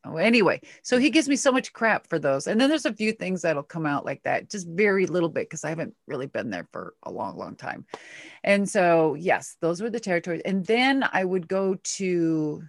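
A woman's voice: fairly low pitch, sing-song, moderate pace, gravelly, dry recording, clean studio sound. A middle-aged woman from Minnesota with a Minnesota accent, telling stories in a chatty, laughing, profane way as an interview guest. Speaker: retired wrestler guest. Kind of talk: casual interview chat.

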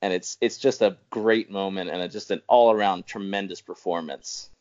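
A man's voice: sits low, normal speed, darkish tone, muffled recording. A man co-hosting a podcast in casual chat, rambling with restarts and chuckles. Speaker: podcast co-host.

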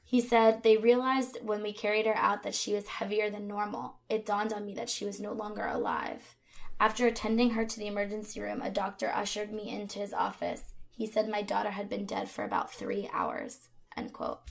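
Gravelly woman recounting a true crime case. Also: medium pitch, expressive, moderate pace. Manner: conversational, with fillers and asides. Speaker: podcast co-host. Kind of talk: true crime podcast narration.

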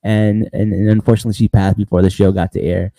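A man's voice: lowish voice, flat delivery, fast talker, warm tone, dry recording. A man hosting a podcast, recapping casually in a loose rambling way, laughing often and saying "bro" a lot. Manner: laughs often between lines. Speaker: podcast host.

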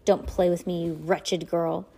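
A woman's voice: lowish voice, little pitch movement, measured pace, creaky, dark tone, breathy edge, heavily acted. A woman reading a storybook aloud, voicing a wheezy male villain who speaks rudely and threateningly. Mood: menacing. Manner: rude and threatening.

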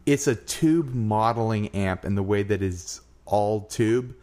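A man's voice: on the low side, a little slow, warm tone. A man co-hosting a podcast, chatting casually and giving easygoing advice. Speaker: podcast co-host. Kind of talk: casual chat.

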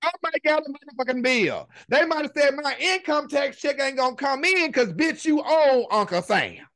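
A woman's voice: high voice, expressive, normal speed, a bit bright. A woman hosting a podcast, giving casual commentary in an emphatic, heavily profane rant that stretches out her swear words. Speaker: podcast host.

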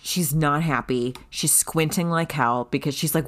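A woman telling a story in casual chat, animated and swearing freely, loudly acting out what people said. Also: low-pitched, moderate pace, hardly any pauses. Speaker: guest telling her birth story.

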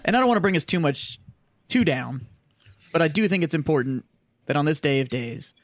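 A man's voice: a little high, expressive, brisk, no echo. Earnest male podcast host. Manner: earnest, wraps up with a toast. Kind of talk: casual podcast chat.

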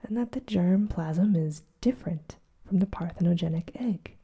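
A woman voicing a gruff, furious older male professor in a whispered role-play, growling and insulting. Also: on the low side, moderate pace, mellow. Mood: scornful.

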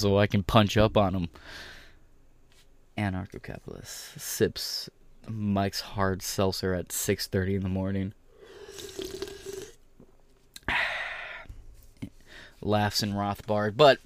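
A man's voice: lowish voice, no echo. A young man ranting through sarcastic, profane political commentary and reading a press release aloud.

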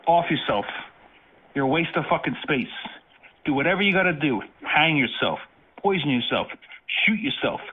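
A man's voice: fairly high pitch, lively intonation, moderate pace, husky. A man making an angry prank phone call, swearing and issuing threats in a ranting manner. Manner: profane, threatening rant. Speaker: prank caller. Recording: tinny phone line.

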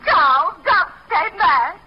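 A gushing, flighty starlet. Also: female voice, very high-pitched, animated, takes it slowly, exaggerated voice. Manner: gushing, giggly. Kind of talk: 1940s radio acting. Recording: muffled old radio recording with faint hiss.

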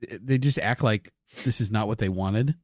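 A man's voice: on the low side, normal speed, no echo, studio quality. Playful man riffing improv comedy. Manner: playful, building on partner's jokes. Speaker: comedy podcast co-host.

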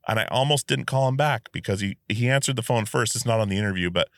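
A man's voice: medium pitch, quick pace, no room sound, studio quality. A man hosting a podcast, telling a long casual story full of fillers and asides. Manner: animated storyteller, many fillers. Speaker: podcast host.

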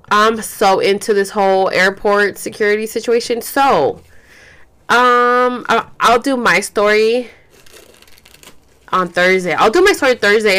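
A woman's voice: mid-range voice, fairly bright tone. Worn out mom-type woman rambling on her podcast, lots of "like" and "you guys", kinda yawny. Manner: rambling, chatty, says "like" and "you guys" often, swears. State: tired, yawning. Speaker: podcast host. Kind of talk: casual chat.

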